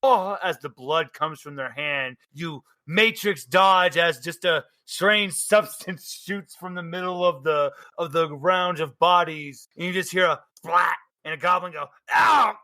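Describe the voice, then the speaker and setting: A man narrating as game master, laughing often and tossing in quick character voices. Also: a little high, bright, forceful tone.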